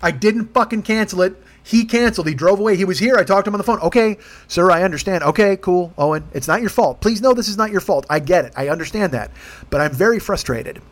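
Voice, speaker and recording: A man's voice: high voice, lively intonation, quick pace. A man telling a profane, comic story as a rant, acting out the people he quotes in put-on voices. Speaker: podcast host.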